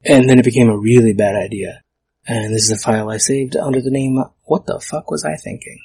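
A man's voice: mid-range voice, brisk. A man hosting his own podcast solo, talking casually and tripping over his own words with self-mocking humor. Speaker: podcast host.

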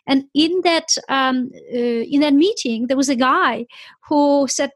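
Female interview host, high voice, dry close sound, animated storyteller. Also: a little slow, dry recording. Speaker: podcast host. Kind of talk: casual interview chat.

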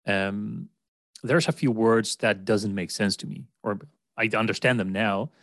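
A man's voice: on the low side, measured pace, creaky, fairly bright tone, dry recording. A man from Sweden with a Swedish accent, co-hosting a podcast in easy, rambling chat and often restarting his sentences. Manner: rambling, with frequent restarts and laughs. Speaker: podcast co-host. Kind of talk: casual chat.

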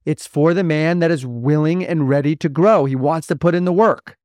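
A man's voice: fairly high pitch, normal speed, darkish tone, dry recording, clean studio sound. A man hosting a motivational podcast as a mentor to men, talking bluntly and emphatically with lots of repetition. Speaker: podcast host and men's mentor.

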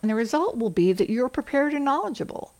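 A woman's voice: sits high, very animated, quick pace, darkish tone. A woman from the American South, hosting a motivational podcast for school leaders in an earnest, coaching manner.

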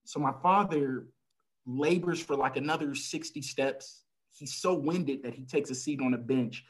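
A man talking as a podcast guest and caregiver, telling a family story in a relaxed conversational way, with lots of "you know" and acted-out lines from family members. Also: mid-range voice, a little slow, low-quality recording. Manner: frequent "you know" fillers. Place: lives in El Paso, Texas.

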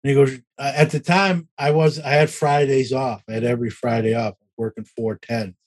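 A man's voice: medium pitch, steady tone, moderate pace. A middle-aged man casually telling a story as an interview guest, rambling and self-deprecating, acting out quoted exchanges. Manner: rambling, self-deprecating, with many restarts and fillers. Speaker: podcast host telling his story as a guest.

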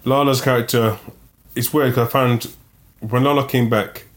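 A man from England chatting casually about a TV show, rambling and restarting his sentences, quick to joke. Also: medium pitch, fairly even intonation. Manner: rambling, restarts often, jokey. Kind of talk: casual chat reviewing a TV show.

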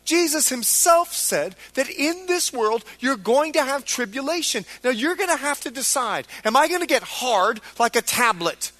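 A man's voice: very high-pitched, a bit bright. A male pastor preaching a sermon with emphatic delivery, acting out biblical figures in quoted lines.

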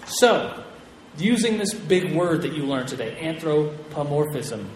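A man teaching a Bible class to a group in a casual, chatty way, with an animated storytelling manner and frequent restarts, in a large hall. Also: a little high, a little slow. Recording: echoey hall with long reverb, faint room noise.

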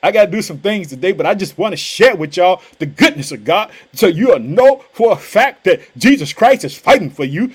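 A man preaching a fervent, energetic podcast sermon in casual street phrasing, often crying out hallelujah. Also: sits high, moderate pace, hardly any pauses, slightly rough. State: pumped up.

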